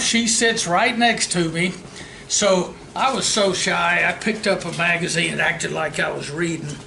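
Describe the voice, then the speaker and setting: A man's voice: high-pitched, gravelly, pushed and bright, a little hiss or hum. A man, a real estate trainer telling jokes and stories to a seminar audience. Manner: storytelling, jokey, talks to the room. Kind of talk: joke-filled seminar talk. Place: meeting room. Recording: echoey meeting room, faint ambience.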